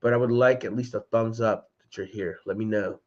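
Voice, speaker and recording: Speaking a little fast with fairly even intonation, this man has a lowish, slightly mellow voice. He hosts a casual livestream from home, chatting loosely, greeting viewers by name and tossing out "dude." The stream audio is lo-fi and a bit dull.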